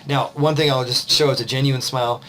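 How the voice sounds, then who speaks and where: A man's voice: mid-range voice, steady tone, fairly quick, a bit bright. A man, a confidence coach, giving casual, rambling advice to the camera while a bit tired. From United States. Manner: conversational, loose, with fillers and restarts.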